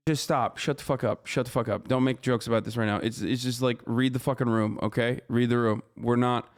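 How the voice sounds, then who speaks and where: A man's voice: mid-range voice, fairly even intonation, brisk. A man streaming a reaction to a news story, heated and profane, repeating himself and asking "okay?" often. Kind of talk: livestream reaction commentary.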